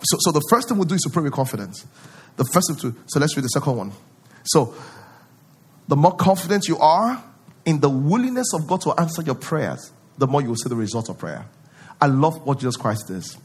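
A male pastor preaching a sermon, acting out prayers in a pleading voice and rising to loud declarations. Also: fairly high pitch, animated, fairly quick, breathy edge.

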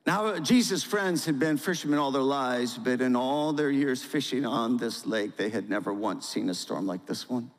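A male pastor giving a sermon, reading a storybook aloud in a dramatic, animated way and asking listeners to respond. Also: medium pitch. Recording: long hall reverb.

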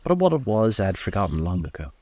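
A man reading a novel aloud in a calm, measured way, recorded outdoors on a lakeside deck. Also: low voice. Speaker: storyteller.

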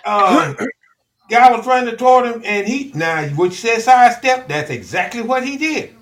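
A man on a podcast, telling a rambling sports story with halting restarts. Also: very high-pitched, expressive, fairly bright tone. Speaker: podcast regular. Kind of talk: casual chat, storytelling.

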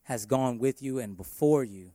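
Male worship pastor preaching, emphatic delivery, mellow tone, close dry sound. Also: medium pitch, moderate pace, no echo. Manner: emphatic preaching with shifting loudness. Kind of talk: sermon.

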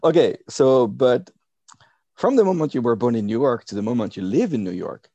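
A man's voice: medium pitch, expressive, normal speed, dark tone, dry recording, lo-fi sound. A man hosting a podcast, chatting playfully and laughing often as he interviews a guest. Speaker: podcast host. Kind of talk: casual interview chat.

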